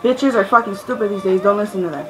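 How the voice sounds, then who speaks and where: A woman vlogger ranting loudly and profanely, exasperated and swearing as she vents. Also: mid-range voice, fast, poor audio. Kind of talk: ranting vlog. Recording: music playing loudly behind. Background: music.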